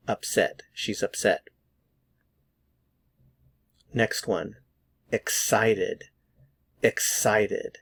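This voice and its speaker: A man with an American accent teaching a pronunciation lesson, repeating each word slowly and deliberately for learners to copy. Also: on the low side, steady tone, vocal fry, no room sound. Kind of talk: slow drilled pronunciation lesson.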